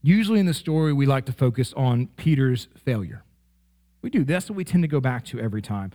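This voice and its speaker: A man preaching a sermon as pastor, conversational and animated, with frequent "right?" asides that check in with the congregation. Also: mid-range voice, fairly quick. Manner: animated, rising sharply in playful examples.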